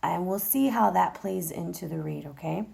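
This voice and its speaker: Casting: woman tarot reader, voice gravelly and frayed from overuse, low and dark, chatty. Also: moderate pace. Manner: chatty, direct address, many fillers. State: vocally exhausted, voice going in and out. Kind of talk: casual tarot reading.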